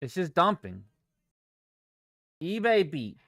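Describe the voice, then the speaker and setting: A man's voice: a little high, big pitch swings, slow, fairly bright tone, dry recording, clean studio sound. A young man livestreaming his day trading, cursing and venting in exasperated outbursts. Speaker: day trader streaming live. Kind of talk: live trading stream, frustrated ranting.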